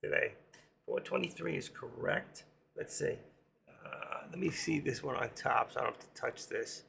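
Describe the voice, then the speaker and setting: A hoarse man hosting a live trading stream, rambling casually to himself and his viewers as he works through charts. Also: mid-range voice, sing-song, moderate pace, sharp tone, slight background noise. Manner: rambling, talks to himself while working charts. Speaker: livestream trading host.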